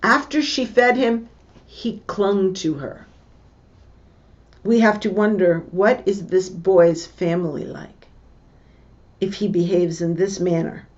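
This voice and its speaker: A woman teacher reading a book passage aloud and stopping to explain what words mean, in a slow, deliberate way. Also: on the low side, dull audio. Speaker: English teacher.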